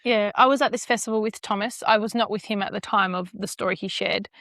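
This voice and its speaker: A young woman from Australia, a podcast guest chatting in a relaxed way. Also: medium pitch, fast, dry recording, studio quality. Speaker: podcast guest, his wife. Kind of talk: casual conversation.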